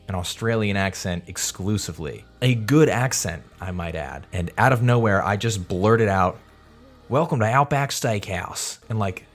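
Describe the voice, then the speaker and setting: A man recording a heartfelt birthday message for a coworker, telling a candid story with some swearing. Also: deep voice.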